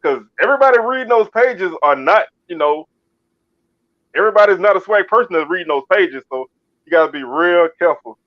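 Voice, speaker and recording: A man's voice: high-pitched, lively intonation, fairly quick, no room sound. A man from Baton Rouge, co-hosting a casual sports talk show, often restarting and repeating his words. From Baton Rouge, Louisiana. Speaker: co-host. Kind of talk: casual chat. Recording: dull lo-fi dry sound.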